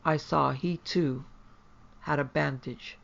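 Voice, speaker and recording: A man reading a horror story aloud in a measured, grave way. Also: a little high, steady tone, creaky, fairly bright tone. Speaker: narrator. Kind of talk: scripted horror story narration. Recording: dull lo-fi.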